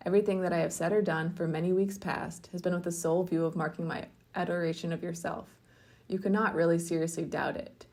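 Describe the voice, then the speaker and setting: A woman's voice: fairly low pitch, steady tone, fast talker, a little mellow. A woman reading the part of a conceited young clergyman, effusive and pompous in his declarations. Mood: ardent.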